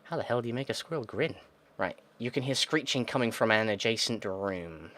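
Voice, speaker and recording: A gaming video host narrates a text game, reading each description and then reacting with frustrated, sweary mutterings as he thinks aloud. His voice sits on the low side, with a fairly bright tone and a normal speed.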